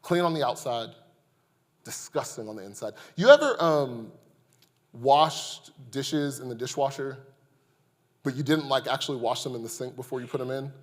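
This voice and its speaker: A male pastor preaching a sermon in a casual, conversational way, swinging between loud, emphatic passages and quiet, hushed asides. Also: mid-range voice, moderate pace.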